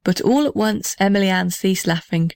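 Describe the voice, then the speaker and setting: Woman storyteller, gentle children's-book reading, dry close sound. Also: mid-range voice, normal speed, creaky, dry recording.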